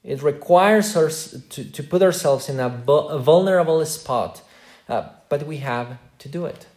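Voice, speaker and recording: A man's voice: a little high, a little slow. A male pastor preaching a sermon to his congregation, earnest and direct, putting rhetorical questions to his listeners. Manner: preaching with wide swings between loud emphasis and quiet asides.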